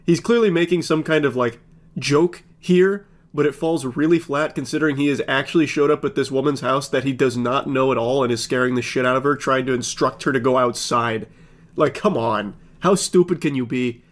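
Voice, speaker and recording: A man giving sarcastic commentary on messages he reads out, with a deadpan, mocking delivery. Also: medium pitch, fairly quick.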